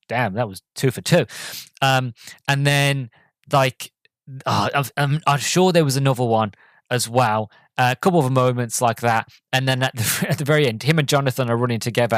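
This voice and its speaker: A man's voice: medium pitch, no room sound. Enthusiastic man in a dry room. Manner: enthusiastic, rambling, many filler words. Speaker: podcast host. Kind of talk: casual podcast movie review.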